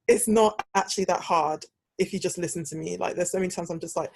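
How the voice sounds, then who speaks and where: A woman's voice: on the low side, brisk, gravelly, darkish tone, dry recording. A young British woman hosting a podcast, telling a story in casual chat and acting out the quoted dialogue. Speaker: podcast host.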